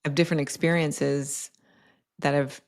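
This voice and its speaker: A woman with a low voice and a gravelly, fry-laden edge speaks as a podcast guest. She tells personal stories in a reflective, unhurried conversational way, leaning on "like" and "right?" as she thinks aloud. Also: little pitch movement, a little mellow. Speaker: podcast guest, health coach. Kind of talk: casual conversational interview.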